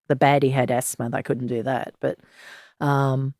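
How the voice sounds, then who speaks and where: A woman's voice: extremely low pitch, level tone, measured pace, darkish tone, dry recording, clean studio sound. An Australian woman in her sixties, a former detective, telling her story frankly and bluntly in an interview. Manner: frank, blunt, earthy, with sighs and laughs. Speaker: former police detective, guest.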